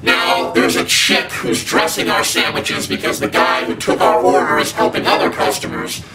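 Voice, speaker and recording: A man telling a comic story in a sarcastic, profane rant, slipping into mock voices. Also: moderate pace. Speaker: comedic vlogger telling a story. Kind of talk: comedic rant with acted dialogue. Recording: echoey room, heard from a distance, loud music behind. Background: loud music.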